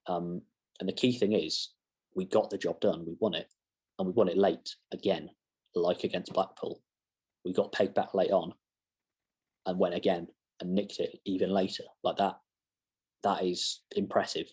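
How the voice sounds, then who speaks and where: A man's voice: sits low, fairly even intonation, normal speed, pauses often, darkish tone, slightly rough. A young man giving a casual football match reaction to camera, rambling with self-mocking asides. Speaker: fan channel presenter.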